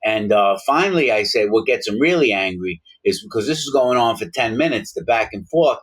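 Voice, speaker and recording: Brief: man, talking to camera, lively delivery, voices the people in his stories. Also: lowish voice, fairly quick, breathy edge. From Long Island, New York. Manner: animated, acts out both sides of dialogues. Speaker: former prisoner telling stories. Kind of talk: casual storytelling to camera.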